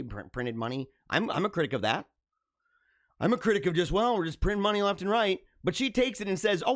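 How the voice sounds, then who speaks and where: A male livestream host with a high voice that swings widely as he mocks and jokes, breaking into laughter at himself. The sound is dry and close to the mic, with no room around it. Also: fairly bright tone, no room sound. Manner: mocking, theatrical, laughs at his own jokes. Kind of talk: casual live commentary.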